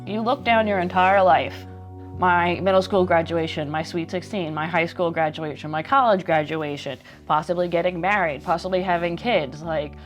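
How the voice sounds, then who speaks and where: Young woman talking emphatically, lots of "like". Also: on the low side. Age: 20s. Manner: emphatic, peppered with "like", swears when upset. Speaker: interviewee. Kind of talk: documentary interview.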